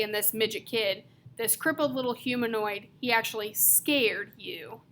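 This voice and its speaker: A woman narrating a first-person audiobook, telling it in the loose, slangy voice of a teenage boy. Her tone is bright and set somewhat high, with a faint hiss of background noise.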